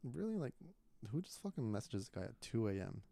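A young man co-hosting a casual podcast, retelling a story in an animated, profane way with frequent laughter. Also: mid-range voice, fairly quick, gravelly. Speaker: podcast co-host.

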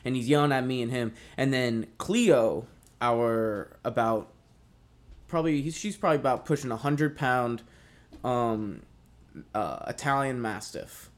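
A man's voice: medium pitch, a little slow. A young man telling a story in casual chat, rambling and swearing, with lots of fillers. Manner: rambling, profane, many fillers.

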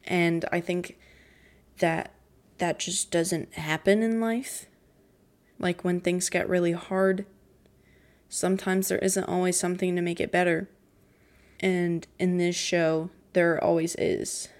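Slow-talking teen girl near tears. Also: fairly low pitch, flat delivery. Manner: emotional, near tears, giggly, rambling with many "like"s. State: voice quaking on the verge of tears. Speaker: podcast host. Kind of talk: casual solo podcast recap.

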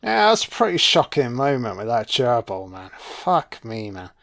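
A man's voice: medium pitch, big pitch swings, normal speed, creaky, bright, forceful tone. A man giving casual watch-along film commentary, swearing freely and talking back at the screen. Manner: profane, reactive, talks back at the screen.

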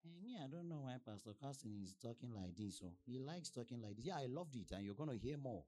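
A man with a Nigerian accent preaching a sermon as pastor, firing questions at the congregation and swinging from soft asides to loud exclamations. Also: medium pitch, quick pace, a little hiss or hum. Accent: Nigerian English. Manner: animated preaching with call-and-response questions to the congregation.

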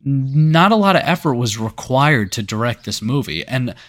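A man's voice: mid-range voice, expressive, normal speed, fairly bright tone. A man co-hosting a movie review podcast, chatting casually with sarcastic, profane remarks. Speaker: podcast co-host.

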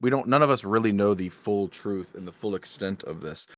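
A man's voice: fairly low pitch, animated, fairly quick, a bit bright, dry recording. A man co-hosting a casual podcast, talking earnestly with lots of ums and restarts. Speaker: podcast co-host. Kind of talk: casual drinking chat. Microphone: podcast mic.

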